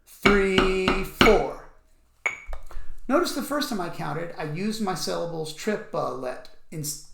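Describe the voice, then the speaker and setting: A man teaching music rhythm, explaining patiently and counting beats out loud. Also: on the high side, creaky. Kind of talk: instructional explanation with counting aloud. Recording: echoey room.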